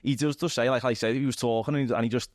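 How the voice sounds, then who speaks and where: A man with a North Liverpool accent interviewing a guest in a relaxed, chatty way, agreeing often and asking loose questions. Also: mid-range voice, quick pace, no room sound. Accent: North Liverpool (Scouse). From North Liverpool, England. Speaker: interviewer, local journalist. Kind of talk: casual interview chat.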